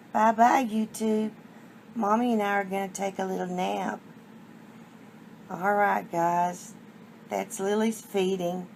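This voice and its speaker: A woman with a West Texas accent, chatting on her home vlog and cooing baby talk to a reborn doll in a soft, drawn-out way. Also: mid-range voice, creaky. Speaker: reborn doll collector vlogger. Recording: noisy home video.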